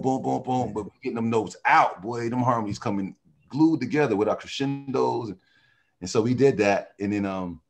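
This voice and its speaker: A man who sings in a vocal group, telling animated stories in a casual interview and often laughing. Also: fairly low pitch. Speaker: singer in a vocal group, guest.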